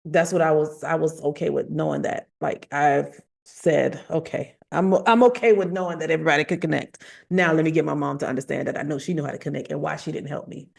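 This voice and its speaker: A woman, a psychic medium, talking in an animated, emphatic way, repeating phrases for effect. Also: sits low, a little fast, creaky. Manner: emphatic, repeats phrases, acts out quoted voices. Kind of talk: animated storytelling in conversation.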